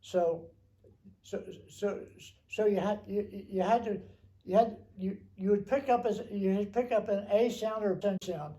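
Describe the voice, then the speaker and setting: An older man with a high, mellow voice recounts his memories. He rambles, stops often and restarts his sentences as he goes. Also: rough recording. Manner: rambling, halting, with many restarts. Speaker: veteran interviewee.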